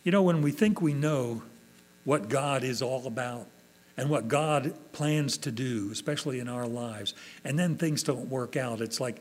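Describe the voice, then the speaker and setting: A man's voice: medium pitch, a little slow. A man preaching a sermon, earnestly acting out quoted prayers with rising emotion. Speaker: pastor.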